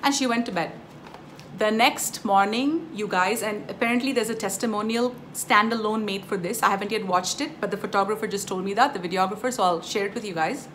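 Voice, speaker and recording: A woman's voice: medium pitch, a little fast, a bit bright, a little hiss or hum. A woman giving a casual spiritual teaching, telling stories emphatically and addressing her viewers directly. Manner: emphatic, storytelling, addresses viewers as "you guys".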